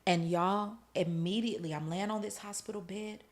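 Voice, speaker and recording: A woman's voice: mid-range voice, fairly even intonation, normal speed. A woman hosting a podcast, telling her personal testimony with strong emotion and talking straight to her listeners. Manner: laughs through tense parts of the story. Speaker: podcast host.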